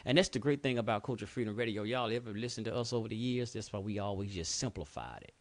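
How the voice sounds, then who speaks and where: A middle-aged man holds forth on his talk radio show in a fairly low voice. He preaches casually, slipping into street slang and cursing. The sound is dry and close to the mic. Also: expressive, fast, dry recording.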